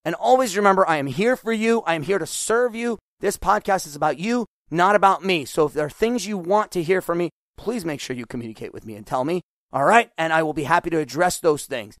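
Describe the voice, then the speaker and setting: A middle-aged man hosting a solo podcast as a business coach, talking in an energetic, animated way. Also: on the high side, brisk, dry recording, studio quality. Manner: energetic, animated, acts out quoted voices.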